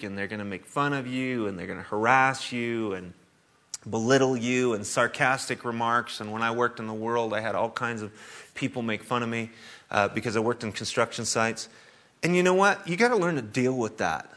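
A man's voice: mid-range voice, normal speed, sharp tone. A middle-aged man preaching a sermon as pastor, telling a story and laughing often as he talks.

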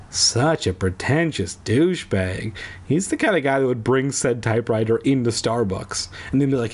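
A man's voice: mid-range voice, lively intonation, normal speed. A man from Southern California who reads a children's horror book aloud as host and breaks off into sarcastic, rambling, crude asides. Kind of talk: comic reading with crude asides.

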